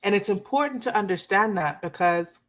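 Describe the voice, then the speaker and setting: A woman's voice: medium pitch, normal speed. A woman giving a live coaching talk on relationships, earnestly speaking to her viewers and often checking in with "okay?". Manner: addresses viewers directly, asks for comments. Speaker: marriage coach.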